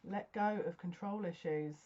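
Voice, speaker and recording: A woman giving a casual tarot card reading, excitable and often gasping and breathless. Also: lowish voice, normal speed, lo-fi sound.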